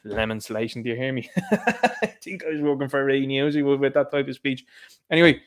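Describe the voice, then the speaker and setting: A man with an Irish accent giving a casual political monologue, sarcastic and animated, laughing at his own jokes. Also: medium pitch, clear, resonant tone. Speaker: political commentator.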